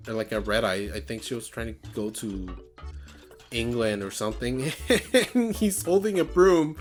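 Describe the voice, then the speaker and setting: A man's voice: mid-range voice, expressive, moderate pace, faint music behind. A man co-hosting a podcast, chatting casually and rambling with lots of fillers. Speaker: podcast co-host. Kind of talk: casual chat.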